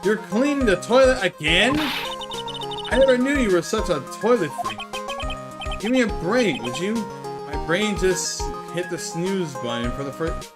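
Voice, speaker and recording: A streamer playing a game who reads every character's dialogue aloud in one voice and breaks off for quick asides to viewers. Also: mid-range voice, animated. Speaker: let's play streamer. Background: game music.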